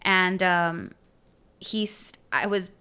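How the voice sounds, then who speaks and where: A woman's voice: fairly low pitch, very slow, clean tone. A woman co-hosting a casual podcast chat, telling a story and acting out the people she quotes. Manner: animated storyteller, acts out quoted voices, laughs often. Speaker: co-host.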